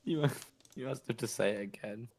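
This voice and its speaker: A man's voice: mid-range voice, normal speed, vocal fry, darkish tone, slight background noise. A man from southern England co-hosting a live stream, reading viewer comments aloud and trading dry, teasing banter. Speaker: co-host reading chat messages. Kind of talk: casual live-stream chat.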